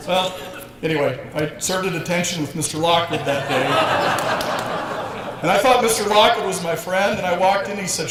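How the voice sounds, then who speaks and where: A man's voice: high voice, big pitch swings, moderate pace, long pauses, heavy background noise. A man in his sixties giving a humorous, self-deprecating induction speech full of stories. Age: 60s. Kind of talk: storytelling speech. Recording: echoey hall with faint ambience.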